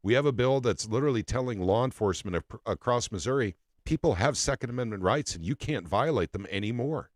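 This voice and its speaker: A man's voice: mid-range voice, expressive, quick pace, few pauses, no room sound, clean studio sound. A man hosting a casual political talk show, speaking emphatically and repeating phrases for effect. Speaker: podcast host.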